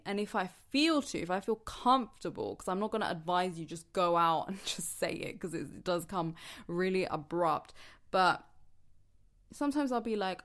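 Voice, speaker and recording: A woman's voice: lowish voice, animated, measured pace. A woman talking earnestly and casually to her viewers about mindset, laughing often and correcting herself as she goes. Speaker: self-help vlogger. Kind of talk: casual motivational talk to viewers.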